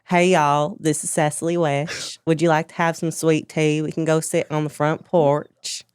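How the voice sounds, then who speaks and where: Woman doing a deadpan southern lady, low dry voice, dead serious. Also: moderate pace, smooth, no room sound, close to an everyday voice. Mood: deadpan hospitable. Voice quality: serious straight face, unsmiling delivery.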